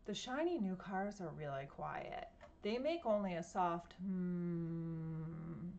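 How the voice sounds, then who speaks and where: A woman's voice: mid-range voice, very animated, measured pace, darkish tone, muffled recording. A woman reading a picture book aloud to children at home, playfully imitating sounds and asking her listeners questions. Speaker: storytime reader.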